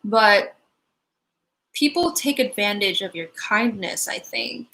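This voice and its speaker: Bright-voiced chatty woman card reader. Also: medium pitch, lively intonation, slow pace, creaky, a little hiss or hum. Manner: chatty, giggly, full of likes and ums. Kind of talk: live-stream card reading.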